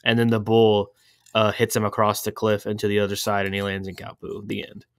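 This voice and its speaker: A man's voice: lowish voice, little pitch movement, a little fast, smooth, no room sound, clean studio sound. A man casually summarizing a movie plot in a meandering, hesitant way on a comedy podcast. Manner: meandering, hesitant, full of "uh" and restarts. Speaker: podcast co-host.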